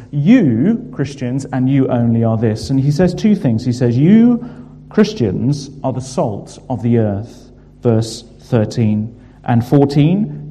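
A man from England preaching a sermon, earnest and emphatic, pausing on fillers now and then. His voice is mellow and dark. It rings out with a long reverb from the church hall. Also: mid-range voice.

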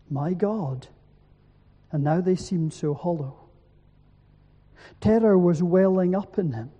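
Man, preacher, solemn sermon, very slow, emphatic repetition, long church reverb, slightly muffled. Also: high voice, warm tone, breathy edge. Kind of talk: evening sermon.

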